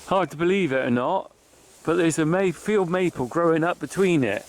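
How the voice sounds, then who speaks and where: A man's voice: a little high, animated, normal speed. A middle-aged man, a farmer vlogging outdoors by his hedgerows, talking in a chatty, heartfelt, rambling way with sighs. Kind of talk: casual walk-and-talk vlog.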